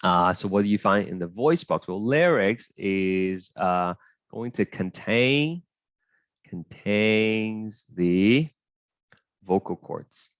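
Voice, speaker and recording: A young male tutor talks students through an online biology class, low-pitched, with a voice that rises and falls a lot. He hesitates, fills gaps with "uh" and keeps checking in with the group. The sound is dry and close to the mic. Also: lively intonation, slow pace, no echo. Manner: chatty, hesitant, many fillers and checks.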